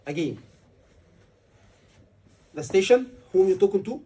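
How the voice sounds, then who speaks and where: A man's voice: high voice, lively intonation, a little slow, dark tone, breathy edge, recorded from a distance. A man, tutoring a class for a medical exam, emphatic and repeating key words over and over. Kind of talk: classroom lecture.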